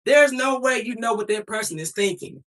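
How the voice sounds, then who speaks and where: A woman's voice: on the high side, expressive, normal speed, recorded from a distance. A young adult woman livestreaming to her chat, talking back at trolls in a profane, emphatic and confrontational way. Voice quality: profane, defiant.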